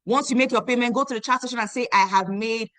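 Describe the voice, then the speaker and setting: A woman in her thirties from Nigeria, hosting an online meeting and giving an emphatic, repetitive sales pitch that urges listeners to act now. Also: fast talker, a bit bright, no echo. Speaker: online meeting host selling a program. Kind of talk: motivational sales pitch on a video call. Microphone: video call.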